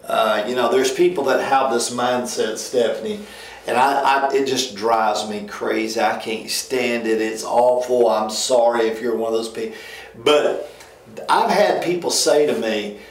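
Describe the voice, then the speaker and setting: A man, a pastor co-hosting a church ministry talk show, speaking in an emphatic, folksy way. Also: a little slow. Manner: emphatic, folksy, rises high when mocking others. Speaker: pastor and co-host. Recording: roomy echo.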